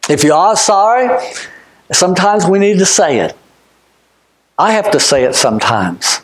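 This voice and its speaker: A man preaching a fervent sermon. He shouts some points, drops to quiet asides for others, and often repeats or restarts his words. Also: high-pitched, big pitch swings, a little slow. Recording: echoey room.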